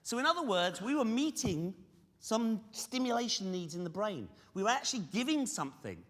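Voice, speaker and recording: A man giving a lively conference presentation, questioning the audience directly. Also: high voice, normal speed. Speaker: conference speaker on fundraising. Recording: reverberant hall.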